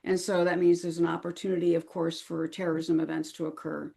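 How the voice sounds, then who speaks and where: A woman's voice: fairly low pitch, level tone, a little fast, vocal fry, mellow. A woman speaking as a guest on a podcast interview, chatty and earnest, with frequent fillers and restarts. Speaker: crisis management consultant, podcast guest.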